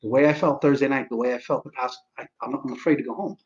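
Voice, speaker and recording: A man's voice: medium pitch, quick pace, lo-fi sound. A man in his forties hosting a live stream, telling a story in a rambling, profane way full of restarts and asides. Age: 40s.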